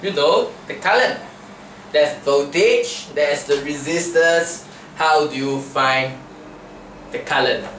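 A man's voice: on the high side, fairly bright tone, slight background noise. A man doing a Singlish-speaking male teacher. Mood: insistent. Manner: drawn-out, mispronounces terms, lecturing. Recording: echoey room, mic at a distance.

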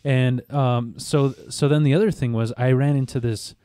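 A man chats casually as a podcast host, his voice mellow and dark. He rambles and stops to restart his sentences often. The sound is dry and close, with no room in it. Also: mid-range voice, steady tone, clear, resonant tone, no room sound. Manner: rambling, halting, with many restarts. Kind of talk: casual chat.

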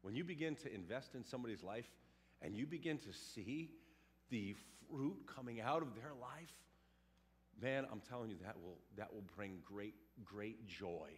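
A man preaching a sermon in a lively, animated way, acting out little scenes and voices. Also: fairly low pitch, normal speed. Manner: animated, acts out quotes and sounds. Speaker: pastor.

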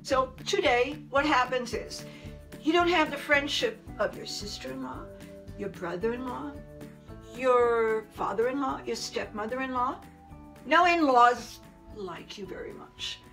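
Sarcastic, mocking higher-voiced woman. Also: fairly bright tone, faint music behind, rough recording. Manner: sarcastic, mocking, addressing the subject directly; repetitive, keeps saying "fast forward" and "move on". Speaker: vlogger. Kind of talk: casual commentary monologue.

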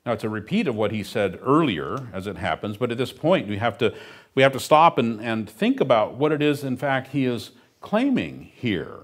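A man's voice: mid-range voice, sing-song, moderate pace. A middle-aged man preaching a sermon as pastor, emphatic and earnest, with dry humorous asides.

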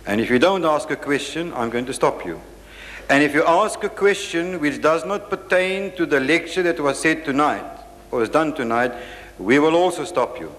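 A man's voice: a little high, animated, moderate pace, fairly bright tone. Firm chairman in a reverberant hall. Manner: firm, insistent, interrupts speakers. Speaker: chairman of a lecture's question time. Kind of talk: moderating audience questions. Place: large lecture hall.

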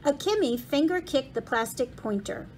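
Lady reading a kids' book out loud, higher voice, steady and clear, trips on a word now and then. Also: moderate pace, a little hiss or hum. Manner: clear, steady storytelling with small slips and restarts. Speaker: school principal reading aloud. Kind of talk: reading a children's novel aloud.

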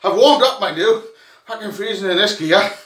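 A man with a high, bright voice in a loud, sweary, joking rant, puffing and out of breath. He sounds a little way off the mic, and the room throws back an echo. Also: normal speed. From Wales. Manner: boisterous, sweary, jokey banter. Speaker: rugby fan vlogger. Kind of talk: rowdy comic monologue to camera. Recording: echoey room, mic at a distance.

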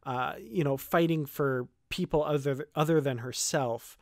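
A man's voice: fairly high pitch, unhurried, creaky, no room sound, clean studio sound. A man hosting a fan channel, talking casually through a trailer shot by shot, thinking aloud with many fillers and restarts.

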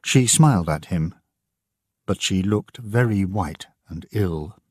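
A man narrating an audiobook for English learners, slow and clearly enunciated. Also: low voice, darkish tone, no room sound, studio quality.

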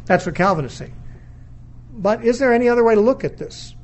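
A man's voice: extremely high pitch, expressive, brisk, highs cut off. A middle-aged man teaching a Bible lesson in a sermon lecture, reasoning aloud in a thoughtful, questioning way, often restarting his sentences. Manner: questioning, weighing views, undogmatic.

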